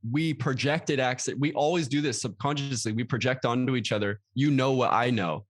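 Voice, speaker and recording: A man's voice: medium pitch, brisk. A man talking as a podcast guest in a casual interview, earnest and reflective, now and then acting out his own inner voice with sudden exclamations. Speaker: podcast guest, yoga teacher.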